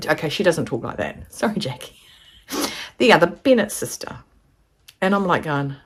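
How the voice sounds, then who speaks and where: Low-voiced chatty New woman. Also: very animated, moderate pace, pauses often, breathy edge. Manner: chatty, rambling, acts out quoted voices. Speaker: vlogger. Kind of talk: casual chat to camera.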